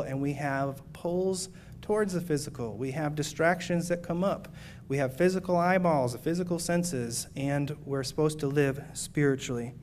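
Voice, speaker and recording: A man delivers an earnest, measured sermon, his voice sitting a little higher than most men's. He works through scripture passages with steady conviction, reading them aloud and unpacking them for his listeners. A faint hum of the room lingers beneath him. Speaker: preacher.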